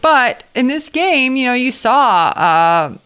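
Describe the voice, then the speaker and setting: A young woman co-hosting a sports podcast, giving measured, thoughtful takes. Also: high-pitched, very animated, fairly bright tone, clear, resonant tone. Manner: measured, thoughtful, some fillers. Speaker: podcast co-host. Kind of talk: casual sports chat.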